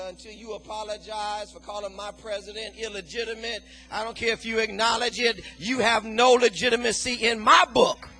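A man's voice: high-pitched, vocal fry, sharp tone, poor audio. A man preaching an impassioned sermon to his congregation, calling out to the listeners. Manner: impassioned preaching, call-and-response. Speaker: pastor.

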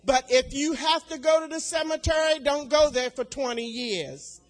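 An older woman giving a sermon testimony, slow and deliberate, swelling to loud emphatic declarations and repeating key phrases. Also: high voice. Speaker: speaker at a women's church gathering.

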